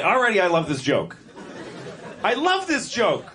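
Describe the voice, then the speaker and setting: A man's voice: sits high, huge pitch swings, a little slow, sharp tone. A middle-aged man doing a stand-up routine on a comedy club stage, rambling and stopping to restart his thoughts, breaking into voices for the animals in his jokes. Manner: rambling, self-interrupting, acts out animal voices. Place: comedy club stage before a laughing audience. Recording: live stage recording with crowd noise.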